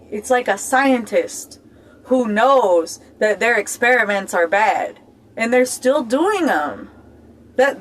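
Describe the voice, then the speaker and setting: A woman talking straight to her viewers about life in a loose, joking way, with her voice at a middle pitch. She swears without a second thought and breaks into laughter between points. She keeps asking "okay?" to make sure they follow. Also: a little hiss or hum, poor audio. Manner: blunt, swears freely, keeps checking in with "okay?"; talks straight to viewers as "y'all". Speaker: self-help vlogger. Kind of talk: casual motivational talk.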